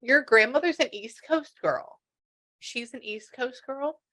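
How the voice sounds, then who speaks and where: A woman in her sixties gives a spiritual reading in a chatty, rambling way. She quotes back and forth with quick asides. Her voice sits fairly high. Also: bright, forceful tone. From Texas. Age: 60s. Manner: chatty, relays messages with asides and quoted dialogue. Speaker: spiritual medium. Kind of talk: mediumship reading on a call.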